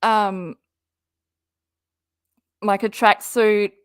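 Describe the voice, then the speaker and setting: A woman's voice: mid-range voice, fairly even intonation, very slow, clear, resonant tone, no echo, studio quality. An Australian woman hosting a casual livestream, chatting with her viewers, laughing often and dropping local slang. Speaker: livestream host.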